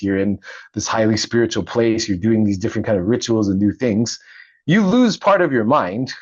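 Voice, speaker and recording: Middle-aged male guest, low husky voice, animated storyteller, dry dull recording. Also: dry recording. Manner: animated, laughs often, acts out quoted voices. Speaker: podcast guest, Navy veteran and author. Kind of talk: casual storytelling interview.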